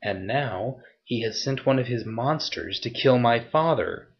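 A man's voice: measured pace, muffled recording, lightly acted. A man doing a cold, menacing woman interrogator. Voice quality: soft, low and threatening.

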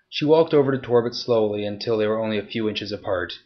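A man's voice: on the low side, a little fast, hardly any pauses. Man narrating an audiobook, dull audio. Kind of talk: scripted narration.

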